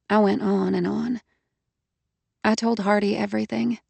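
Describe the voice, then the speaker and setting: A woman reading a first-person audiobook in a quiet, halting way. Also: mid-range voice, little pitch movement, vocal fry, slightly rough, no echo. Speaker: audiobook narrator.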